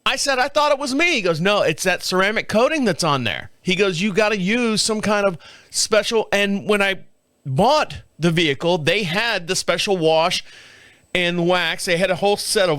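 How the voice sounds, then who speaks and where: A man's voice: high-pitched, lively intonation, normal speed, sharp tone, no room sound, clean studio sound. A middle-aged man hosting a podcast, telling a long story in a profane, rambling, casual way and acting out parts with laughs and sound effects. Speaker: podcast host.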